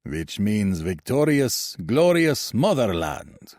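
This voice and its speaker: Man putting on a deep Russian accent, hulking proud recruit, boastful, slow, dark. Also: big pitch swings, dry recording, clean studio sound. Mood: proud, defiant.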